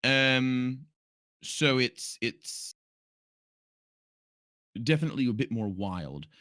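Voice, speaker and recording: A game master narrating a tabletop game in an unhurried, playful, descriptive way. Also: mid-range voice, expressive, a bit bright, no room sound.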